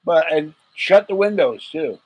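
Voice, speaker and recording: A man's voice: on the high side, animated, a little slow, husky, no room sound, poor audio. A man hosting a late-night livestream, rambling and joking with viewers, chuckling often and getting sleepy. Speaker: livestream host.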